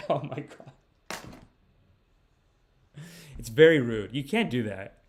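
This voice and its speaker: A man, a comedian hosting a podcast, telling rambling, animated stories. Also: medium pitch, takes it slowly, long pauses. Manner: animated, rambling, laughs mid-story. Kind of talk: casual storytelling.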